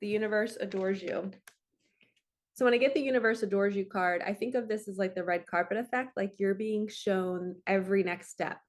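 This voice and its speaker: A woman's voice: mid-range voice, steady tone, a little fast. Casual woman, 30s, spiritual reader. Chatty, flowing, conversational. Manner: chatty, flowing, heavy on "like" and "right". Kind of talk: casual card reading talk.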